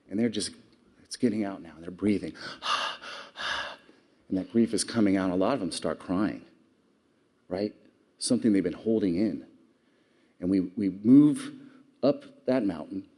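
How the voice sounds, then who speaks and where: A man's voice: on the low side, dark tone. A man giving an earnest public speech, telling stories and asking the audience questions. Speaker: award speaker.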